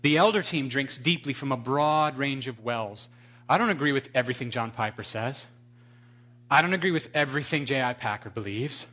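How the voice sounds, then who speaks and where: A male pastor preaching a sermon, telling a story in an animated, emphatic way. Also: medium pitch, moderate pace.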